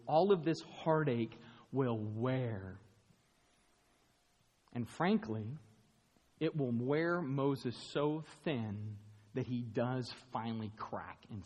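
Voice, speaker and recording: A man preaching a sermon, animated and rising to loud, emphatic bursts. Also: mid-range voice, slightly rough. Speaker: pastor. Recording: long hall reverb.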